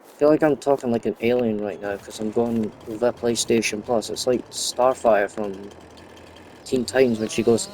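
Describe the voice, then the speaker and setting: A young man chats his way through a farming game in a loose, rambling way, wandering off into side stories. His voice is mellow and relaxed. A faint hiss of noise sits under the recording. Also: mid-range voice, moderate pace. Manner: rambling, chatty, goes off topic. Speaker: gaming YouTuber. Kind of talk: casual gameplay commentary.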